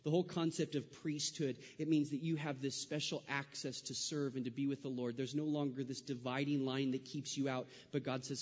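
A man from California preaching a sermon, mixing animated storytelling asides with slow, emphatic preaching. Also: mid-range voice, in a large hall, highs cut off. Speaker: pastor.

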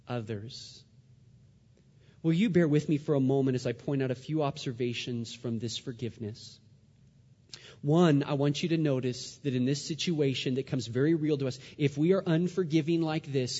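A man preaching a sermon, dramatic, dropping to a hush and then rising loud. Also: mid-range voice, big-room sound, dull audio. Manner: dramatic, swings from hushed to loud.

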